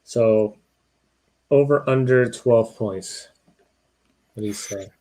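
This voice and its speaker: A man hosting a casual sports podcast with a relaxed, joking manner. His voice sits at an ordinary middle pitch, and he talks in a loose, friendly way. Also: slow. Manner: easygoing, joking banter. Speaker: podcast host. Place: live-streamed podcast.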